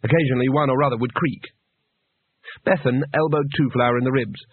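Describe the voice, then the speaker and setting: A man reading a comic fantasy novel aloud in steady, wry scripted narration. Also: medium pitch, fairly quick, breathy edge, no room sound. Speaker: audiobook narrator. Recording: tinny, dry, phone-like audio.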